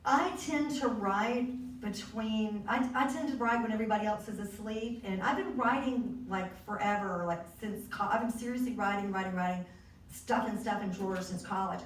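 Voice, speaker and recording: A woman's voice: mid-range voice, normal speed, far from the mic. Woman, Southern accent, chatty, rambling, echoey room, faint room noise. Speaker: author at her book release. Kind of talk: casual speech to a party crowd. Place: arts center event room. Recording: echoey room recorded from afar.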